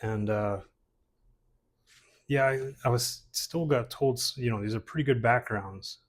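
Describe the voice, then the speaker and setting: A man with a mid-range voice talks a little slowly while casually going through his old comic portfolio pages. It's a relaxed chat, rambling with many fillers and restarts.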